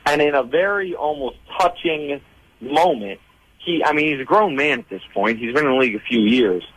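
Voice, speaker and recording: A man's voice: medium pitch, moderate pace, a bit bright, slightly rough, poor audio. A man hosting a casual sports radio talk show, arguing and telling stories. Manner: argumentative, storytelling. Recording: radio studio mic.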